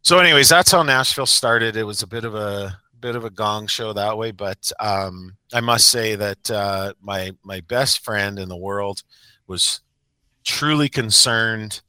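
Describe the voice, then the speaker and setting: A man's voice: lowish voice, measured pace, pushed and bright, no echo. A man who coaches a sports team, telling a rambling, self-mocking story in a casual podcast chat.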